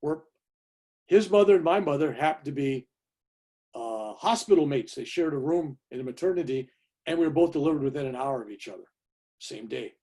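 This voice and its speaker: A husky-voiced man in his seventies, from California, tells a long personal story to an audience. He speaks in a fairly high register and keeps checking in with his listeners with an easy "right?" and "you know". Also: expressive, brisk, dark tone. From California, USA. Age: 70s. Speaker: guest speaker.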